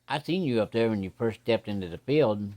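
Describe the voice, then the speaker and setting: A man voicing an older rural hunter in a story, gruff, blunt and superstitious, with folksy talk. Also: lowish voice, animated, a little fast, darkish tone, lightly acted.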